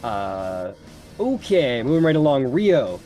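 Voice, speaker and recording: A man's voice: mid-range voice, very animated, takes it slowly, mellow. A man narrating a tabletop game as game master, in a loose, casual style full of fillers. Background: faint background music.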